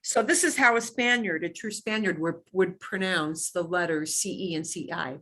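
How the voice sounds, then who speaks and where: A middle-aged woman teaching beginner Spanish, modeling each pronunciation slowly and clearly. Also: lowish voice, sharp tone. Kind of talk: beginner language lesson.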